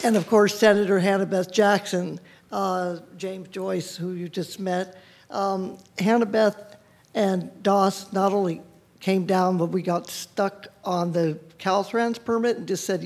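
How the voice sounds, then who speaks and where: A woman's voice: mid-range voice, fairly even intonation, a little slow, a little mellow. A woman giving a rambling, heartfelt thank-you speech at a public board meeting, often breaking off mid-word. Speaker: environmental group leader thanked at a public meeting.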